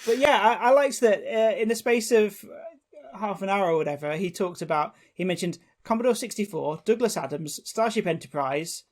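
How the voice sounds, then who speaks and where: A man's voice: sits high, lively intonation, normal speed. A man co-hosting a podcast, telling stories in a chatty, repeating way and laughing often. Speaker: podcast co-host. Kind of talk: casual chat.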